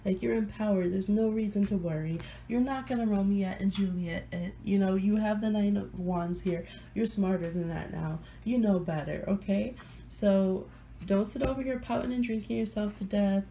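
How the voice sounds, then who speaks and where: Woman, tarot reader with a sick, gravelly voice, mellow tone, soft hiss behind, chatty and quick to laugh. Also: mid-range voice, poor audio. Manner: chatty, laughs often, playful asides. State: under the weather, sick voice. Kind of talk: casual pick-a-card tarot reading.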